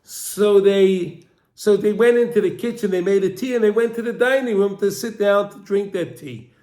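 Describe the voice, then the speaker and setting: A man who teaches religion, telling a long story in a halting way and repeating phrases again and again. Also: high-pitched, warm tone. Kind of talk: storytelling lesson. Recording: roomy echo.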